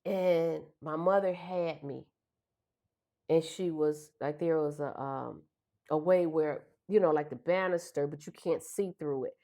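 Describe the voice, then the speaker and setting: A woman's voice: sits low, measured pace, warm tone. A middle-aged woman, emotionally retelling a childhood memory and acting out the voices in it. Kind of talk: personal storytelling.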